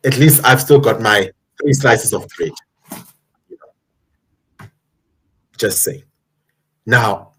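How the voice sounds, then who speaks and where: A man's voice: mid-range voice, slightly rough, poor audio. A man from South Africa hosting his own channel, giving emphatic live-stream political commentary and talking straight to his viewers. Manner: emphatic, ranting, addresses viewers directly. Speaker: channel host.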